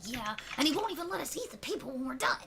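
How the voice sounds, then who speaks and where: A woman's voice: sits high, big pitch swings, fast, a bit bright, slight background noise, voice pushed up, heavily acted. A woman voicing a cringing, panicky goblin grunt who squeals out groveling apologies. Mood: gossiping.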